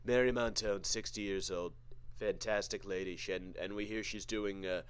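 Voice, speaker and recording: A man's voice: fairly low pitch, steady tone, normal speed, clean tone, lightly acted. A man doing a rambling blustery old politician. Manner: rambling, filler-heavy praise. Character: blustery older male politician, boastful.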